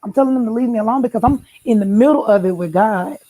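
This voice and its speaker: A woman's voice: fairly high pitch, quick pace, warm tone, dry recording, poor audio. Heartfelt woman giving a tender testimony. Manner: heartfelt, tender, rising to pleading intensity; addresses listeners with "y'all". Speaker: guest sharing a personal testimony. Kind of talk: emotional testimony to friends.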